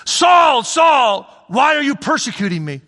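A man voicing Jesus as a male voice from heaven, calling out loudly and pleading. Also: huge pitch swings, brisk, heavily acted. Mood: pleading, anguished. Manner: loud, shouted, high-pitched calls. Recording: long hall reverb.

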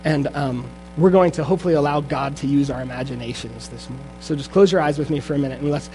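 A young adult man preaching a sermon in church, lively and full of restarts, turning quiet and slow for a guided meditation. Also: medium pitch, slight background noise. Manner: energetic with frequent restarts, then hushed guided meditation. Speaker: pastor. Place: church sanctuary.

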